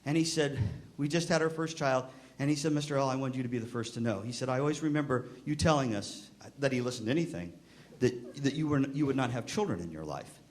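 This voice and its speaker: A man's voice: medium pitch, fast talker. A middle-aged man giving a storytelling speech to band directors at a convention, acting out voices in his stories. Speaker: keynote speaker to band directors. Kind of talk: storytelling speech to a live audience. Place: convention hall.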